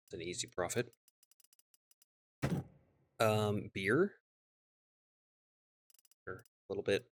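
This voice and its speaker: Mumbling low-voiced male game streamer. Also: no echo. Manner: mumbling, reads game text aloud, trails off quietly. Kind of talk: casual gameplay commentary.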